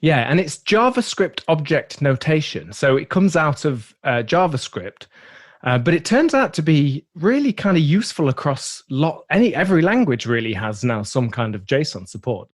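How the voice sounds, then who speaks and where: Podcast host, male, lively swinging pitch, slightly high voice, playful banter. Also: normal speed. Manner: playful, self-deprecating, laughs often. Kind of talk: casual tech podcast chat.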